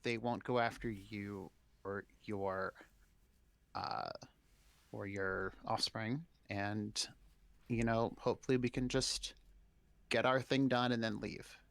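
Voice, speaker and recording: A man's voice: on the low side, fairly even intonation, slow, creaky, long pauses, fairly bright tone, no echo. A man speaking in character in a tabletop game, hesitant and rambling. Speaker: player.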